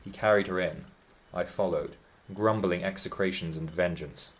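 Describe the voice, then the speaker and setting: Voicing Heathcliff, the defiant, brooding teenager, a man speaks low and at a moderate pace, acting it lightly as he recounts the story with vehemence and scorn.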